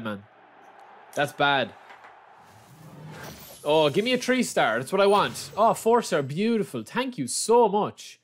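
An Irish man talking through a live stream as he opens player packs. His voice sits a little high for a man and swings widely in pitch. He keeps repeating his reactions and calls his viewers lads. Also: fairly bright tone. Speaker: game streamer. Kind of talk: live-stream pack-opening commentary.

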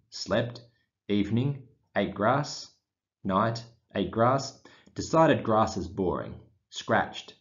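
A man reading a children's picture book aloud in short, deadpan diary fragments with pauses. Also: medium pitch, lo-fi sound. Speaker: storybook reader.

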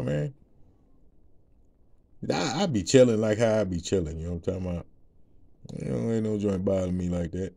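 Telling his testimony to a gathered audience, this ministry speaker has a low-ish, creaky, mellow voice at a moderate pace, with long pauses. He's relaxed and casual, often laughing, drifting through slang and repeatedly checking "you know what I'm saying."

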